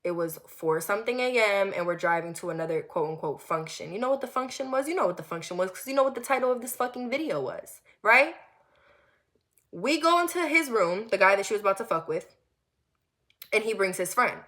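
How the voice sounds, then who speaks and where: A young woman telling a personal story in a vlog, animated and repetitive, with lots of swearing. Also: medium pitch, brisk. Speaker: vlogger.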